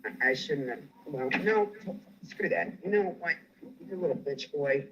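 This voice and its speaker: A man's voice: on the high side, lively intonation, unhurried, fairly bright tone, lo-fi sound, a little hiss or hum. A man furiously ranting on a livestream, swearing and making threats. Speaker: guest on a livestream. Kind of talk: angry livestream rant.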